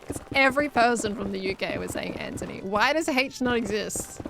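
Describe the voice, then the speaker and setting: A woman's voice: a little high, moderate pace, creaky, music in the background. A young adult woman streaming casually, answering chat messages and laughing often.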